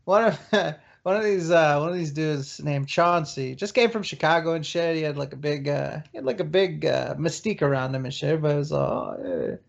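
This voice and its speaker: Over dull, lo-fi voice-call audio, a podcast host tells crude, laugh-filled stories in casual chat. His voice is gravelly and fairly high, and he talks fairly quickly with hardly any pauses, laughing a lot.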